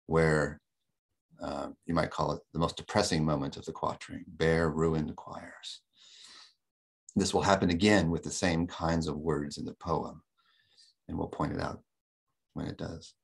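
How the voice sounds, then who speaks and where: A man with a very deep voice and a rough, gravelly edge teaches a poetry class over a webinar. He stops and restarts his phrases as he talks. When he quotes verse he drags each word out slowly. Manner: careful, slows right down to read verse aloud, often repeats words. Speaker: lecturer. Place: home or office, on a webinar. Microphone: computer microphone on a video call.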